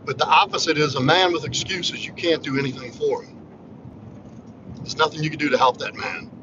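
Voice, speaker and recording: A man with a slightly high voice talks fairly quickly as he hosts a casual livestream monologue. He's blunt, profane and preachy, and the lo-fi audio sounds muffled, with background noise.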